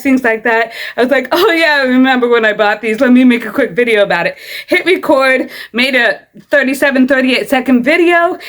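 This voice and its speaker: A woman's voice: on the high side, fairly bright tone. A woman with an American Midwestern accent, earnestly explaining herself in a casual vlog, sometimes stumbling over her words. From Midwestern United States. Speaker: content creator.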